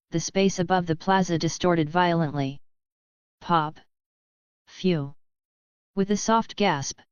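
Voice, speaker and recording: A woman narrating an audiobook in a steady storytelling manner. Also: on the low side, clear, resonant tone, no room sound. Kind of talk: scripted narration. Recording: muffled lo-fi recording.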